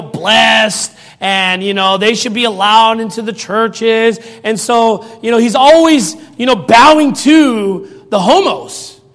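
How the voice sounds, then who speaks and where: A man preaching in a mocking, sarcastic rant, now and then bursting into shouts. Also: very high voice. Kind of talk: ranting commentary. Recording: long reverb.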